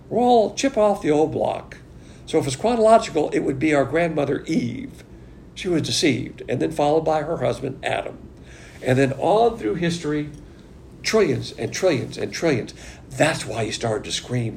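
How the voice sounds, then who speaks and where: Gravelly man teaching a Bible study. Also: mid-range voice, a little mellow, slight background noise. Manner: emphatic, conversational, with rhetorical questions.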